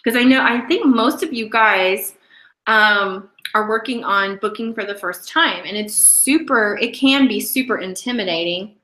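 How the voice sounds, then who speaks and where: A woman's voice: medium pitch, a little slow, pushed and bright, echoey room, poor audio. A woman team leader giving a casual training talk, chatty and rambling, often breaking off and restarting her sentences. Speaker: direct sales team leader.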